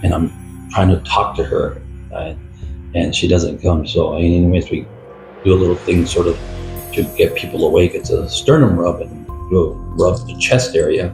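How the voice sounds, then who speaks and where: An older man, a retired police officer, recounting an experience from his career in a rambling, halting way with many fillers. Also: deep voice, creaky. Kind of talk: storytelling interview. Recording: roomy echo with faint music.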